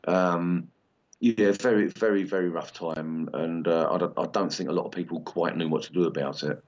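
A man's voice: deep voice, fairly even intonation, normal speed, darkish tone. An English man in his sixties, a punk singer chatting in an interview, rambling with many ums and restarts. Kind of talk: casual interview chat. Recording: slightly dull lo-fi sound.

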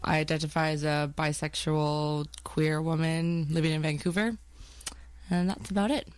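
A woman's voice: low-pitched, little pitch movement, normal speed, clear, resonant tone, no echo. A young woman telling a personal story in an interview, hesitant, with many "like" fillers and restarts.

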